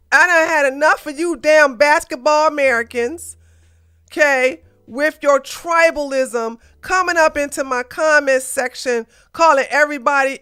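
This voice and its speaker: A woman's voice: high voice, sharp tone. A woman hosting a casual political commentary livestream, blunt and ranting, with plenty of slang. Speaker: podcast host.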